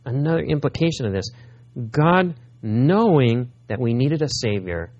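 A man preaching a sermon in a conversational way, asking the congregation questions and slowing down to stress key words. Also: mid-range voice, very animated, a little mellow, lo-fi sound. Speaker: pastor.

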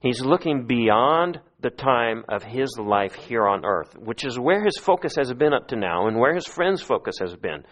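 A man's voice: medium pitch, big pitch swings, normal speed, hardly any pauses, fairly bright tone. A man preaching an expository sermon, earnest and often pleading as he voices the verses he reads. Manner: earnest, pleading when quoting scripture.

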